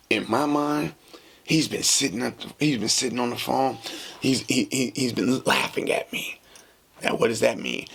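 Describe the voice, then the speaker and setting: A man hosting a podcast, telling a casual story in a slangy, animated way and acting out the dialogue. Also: mid-range voice, vocal fry, a little hiss or hum. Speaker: podcast host.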